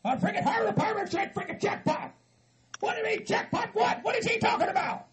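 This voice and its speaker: A man's voice: very high voice, expressive, moderate pace, voice pushed up, exaggerated voice. A man doing a screeching, cursing hillbilly. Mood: ranting. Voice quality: raspy, screeching. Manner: yells curses nonstop. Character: paranoid, furious hillbilly man hearing voices. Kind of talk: hobby comedy skit acting.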